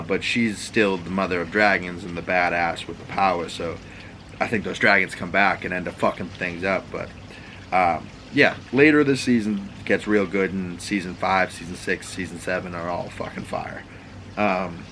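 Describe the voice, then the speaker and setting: A man's voice: lowish voice, sharp tone, a little hiss or hum, low-quality recording. A man with a Boston accent casually recapping a TV show at home, talking loose, rambling and profane. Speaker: podcast host. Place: home room with water running next door.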